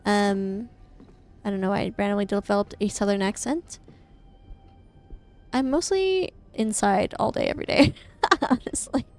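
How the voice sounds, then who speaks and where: At normal speed and with long pauses, a young Midwestern woman chats in a medium-pitched voice while gaming live from her home. Her talk is casual and rambling, punctuated by frequent laughter and free swearing.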